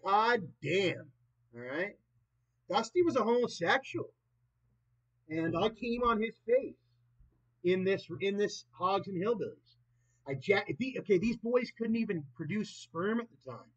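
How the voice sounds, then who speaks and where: A man in his late twenties vlogging in a rambling, profane monologue that swings between loud and soft. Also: high-pitched, animated, a little slow. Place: old property in the countryside. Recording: dull lo-fi recording.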